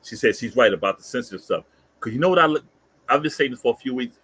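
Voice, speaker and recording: A man in his fifties with a Bronx New York accent, co-hosting a casual chat and telling stories in an animated way, full of street slang. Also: medium pitch, fast, slightly rough. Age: 50s. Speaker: co-host.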